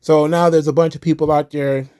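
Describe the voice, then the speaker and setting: A man with a somewhat high voice rants casually about the week's wrestling. He sounds sarcastic and exasperated, and his tone is loose and unscripted. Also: little pitch movement, a little fast, darkish tone. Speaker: wrestling commentary host. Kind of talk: casual ranting commentary.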